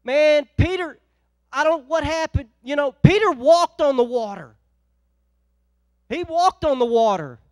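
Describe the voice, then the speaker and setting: A male pastor with a Northeast Ohio accent preaches a sermon, telling a folksy story and swinging between loud exhortation and quiet, chatty asides. His voice is very high and animated, at a measured pace with frequent pauses, and the recording is dry.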